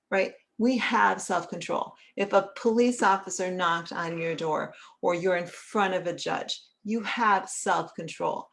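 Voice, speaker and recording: A woman's voice: fairly low pitch, measured pace, gravelly, hardly any pauses. A middle-aged woman therapist talking in a conversational, earnest way, often checking in with "right?". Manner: earnest, often asks "right?" and acts out little quotes. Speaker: licensed therapist and author. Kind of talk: conversational teaching talk.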